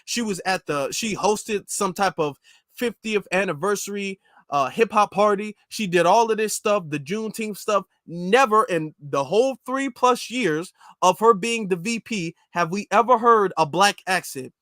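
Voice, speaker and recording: A man's voice: high-pitched, normal speed, a bit bright, no echo. A man giving opinionated commentary on a close mic, talking in an incredulous, repetitive, ranting way. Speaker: commentary vlogger.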